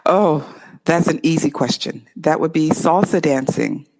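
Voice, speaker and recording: A woman from Los Angeles with a Californian accent, an English tutor answering interview questions in an upbeat, expressive way with clear enunciation. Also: low voice, unhurried. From Los Angeles, USA.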